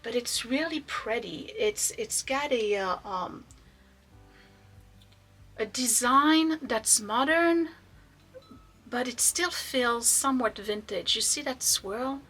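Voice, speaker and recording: A woman running an online vintage shop, chatting casually and enthusiastically as she shows items, sometimes dropping to soft asides. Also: a little high, expressive, slow pace, long pauses. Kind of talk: casual product showcase.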